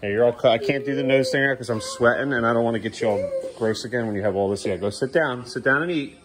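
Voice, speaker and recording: A man's voice: mid-range voice, quick pace, a crowd in the background. Coaxing dad hurrying his kids along. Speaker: father filming his kids. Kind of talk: casual family vlog. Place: at home.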